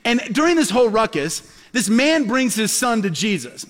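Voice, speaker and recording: A middle-aged pastor with a notably high voice preaches a storytelling sermon at normal speed, acting out the people he quotes with lively shifts. A long hall reverb rings around his voice.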